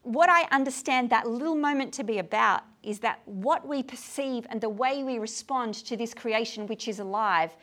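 A tired woman with a slightly high voice lectures a group on a poem. She talks in an animated way and keeps asking her listeners if they see what she means. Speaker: lecturer on poetry. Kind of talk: talk to a group. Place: room with a gathered group.

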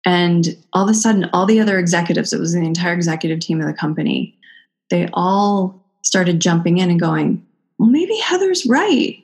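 A woman's voice: fairly low pitch, a little fast. A middle-aged woman, an Ayurvedic practitioner, telling personal stories in casual conversation and acting out the voices of others. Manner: animated, acts out quoted voices.

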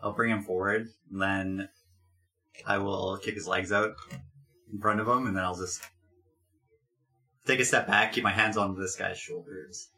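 Low-voiced man playing a tabletop game. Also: steady tone, normal speed, long pauses, sharp tone. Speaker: player. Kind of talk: casual tabletop play.

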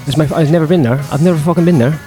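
A man's voice: fairly high pitch, rapid-fire, dark tone. A young man, a stand-up comedian talking through his gigs in a casual, profane, self-deprecating ramble, with faint music behind him. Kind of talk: casual vlog monologue.

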